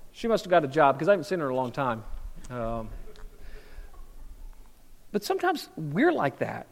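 A pastor preaching a sermon in a church hall, telling stories, repeating words and asking the crowd questions. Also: male voice, fairly high pitch, sing-song, moderate pace, vocal fry, pauses often. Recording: long hall reverb.

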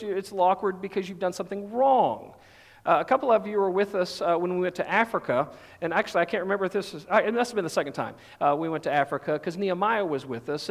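Folksy Southern pastor in a reverberant hall. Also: male voice, high-pitched. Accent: light Southern US. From Texas. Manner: folksy, conversational, many fillers. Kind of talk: sermon.

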